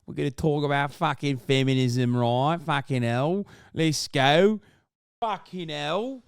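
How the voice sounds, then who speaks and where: Loud, profane man reacting on stream. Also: on the high side, unhurried, creaky, clean tone, no room sound, clean studio sound. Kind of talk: live reaction commentary.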